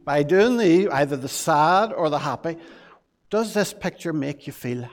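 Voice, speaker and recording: A man's voice: on the high side, animated, a little slow. A man, a pastor giving a children's talk in church, playful and coaxing, asking the children many questions. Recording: long reverb of a large hall.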